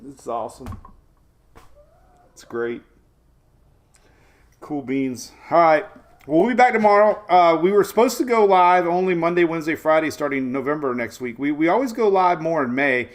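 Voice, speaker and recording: A man's voice: fairly high pitch, expressive, moderate pace, pauses often. A man in his forties hosting a casual live weather stream, chatty and rambling, laughing often and greeting viewers by name. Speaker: weather show host.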